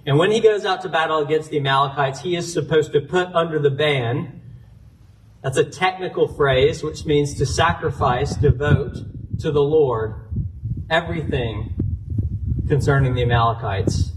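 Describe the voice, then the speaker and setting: A male pastor works through a scripture story in an earnest sermon, citing chapter and verse along the way. His voice sits a little high and comes from a distance, with faint room ambience behind it. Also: normal speed, a little hiss or hum.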